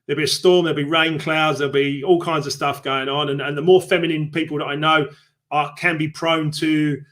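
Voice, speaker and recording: A man's voice: fairly high pitch, fairly quick. A man hosting a live book club stream, chatting casually and explaining ideas through analogies. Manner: animated storyteller, explains with analogies.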